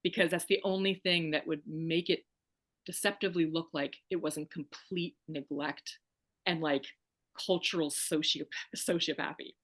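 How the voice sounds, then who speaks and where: A woman speaks as a podcast guest, candid and emphatic, with a dry wry edge. Her voice sits fairly low for a woman. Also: steady tone, moderate pace, fairly bright tone. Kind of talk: candid personal storytelling.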